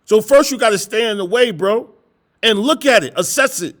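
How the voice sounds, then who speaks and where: A man's voice: high-pitched, expressive, fairly quick, fairly bright tone. A middle-aged man preaching a confrontational sermon, scolding his listeners with repeated rhetorical questions and blunt, profane language. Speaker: street preacher.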